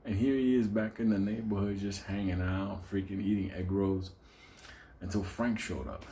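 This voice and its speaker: A man's voice: lowish voice, steady tone, normal speed, warm tone, slight background noise. Man telling a profane, rambling anecdote. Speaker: storyteller. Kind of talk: casual anecdote.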